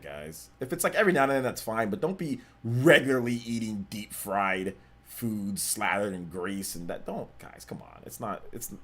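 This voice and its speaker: A young man hosting a gaming livestream. He chats casually, reads out donations and viewer questions, and repeats himself in relaxed slang. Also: sits low, slight background noise. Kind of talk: casual live-stream chat, reading donations and chat.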